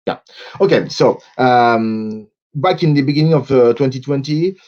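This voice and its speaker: A man's voice: mid-range voice, moderate pace, darkish tone. A man with a French accent presenting on a video call, hesitant with many fillers and small laughs. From France. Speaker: panelist, consulting firm executive. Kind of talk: webinar presentation. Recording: dull lo-fi video call audio.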